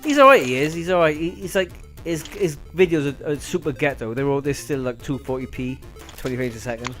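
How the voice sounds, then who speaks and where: A man's voice: fairly high pitch, a little fast, fairly bright tone, low-quality recording. A man chatting casually on a live gaming stream. He rambles, stutters on words and laughs often. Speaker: co-host. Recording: faint music in the background.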